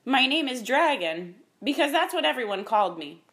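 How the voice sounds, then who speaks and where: A woman's voice: high voice, very animated, normal speed, fairly bright tone, voice pushed up. Woman reading a storybook dragon, young, male, innocent, earnest, eager.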